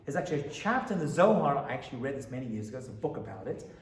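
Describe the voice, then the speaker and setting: A man, a rabbi, giving an animated Torah lecture to a live audience, often asking them questions. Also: mid-range voice, rapid-fire, reverberant, far from the mic.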